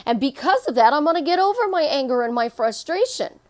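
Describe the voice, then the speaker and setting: A woman's voice: sits high, big pitch swings, a little fast. A middle-aged woman, a life coach, giving an emphatic motivational monologue and repeating phrases to drive her point home.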